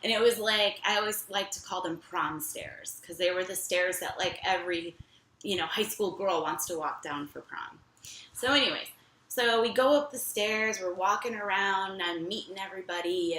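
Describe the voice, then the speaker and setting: A young woman casually telling a personal story in an animated, chatty way, full of fillers. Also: mid-range voice, echoey room, poor audio.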